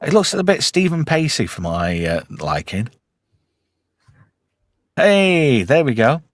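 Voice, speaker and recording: Animated man hosting. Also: on the high side, slow pace. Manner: animated, swearing, jokey banter. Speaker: host. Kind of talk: casual chat.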